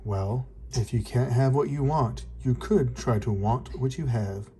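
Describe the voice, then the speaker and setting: Guy reading as a gentle storybook mom, calm and reasonable, slow and kinda dark-toned. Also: medium pitch, a little hiss or hum, natural voice. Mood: soothing. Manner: soothing, reasonable. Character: kind patient mother, gently refusing.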